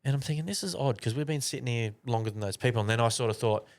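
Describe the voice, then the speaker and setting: A man's voice: mid-range voice, very fast. Sweary man telling a story. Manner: swears a lot, rambling anecdote. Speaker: podcast co-host. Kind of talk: casual storytelling chat.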